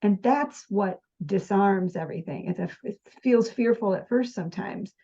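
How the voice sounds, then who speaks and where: A woman's voice: medium pitch, normal speed. Earnest woman on a lo-fi line. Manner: earnest, animated, acts out her own thoughts. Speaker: spiritual teacher, guest. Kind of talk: spiritual conversation. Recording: dull lo-fi sound.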